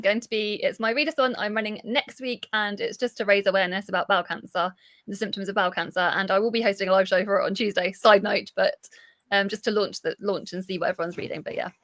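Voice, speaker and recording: A woman's voice: mid-range voice, fairly even intonation, fast, pushed and bright, no echo, clean studio sound. A woman co-hosting a live book chat, talking casually with frequent laughs and restarts. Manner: chatty and giggly, full of restarts. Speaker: co-host of a book livestream.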